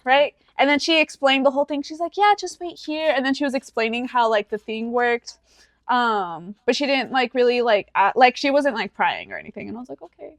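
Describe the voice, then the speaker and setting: A woman's voice: on the high side, brisk, dry recording, studio quality. Chatty young woman telling stories. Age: 20s. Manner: animated storytelling, acting out quoted voices, many fillers. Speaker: podcast co-host. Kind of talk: casual chat.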